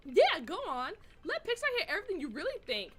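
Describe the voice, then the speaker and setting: A woman's voice: very high-pitched, huge pitch swings, fast, very noisy, full character voice. A woman voicing a feisty, prickly teen girl club member, reading game dialogue aloud with snappy, indignant retorts.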